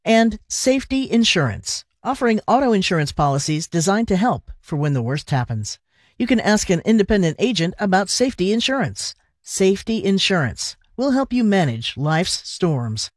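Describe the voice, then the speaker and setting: A man reading sponsor credits in a smooth, measured announcer voice. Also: high voice, big pitch swings, no echo, studio quality.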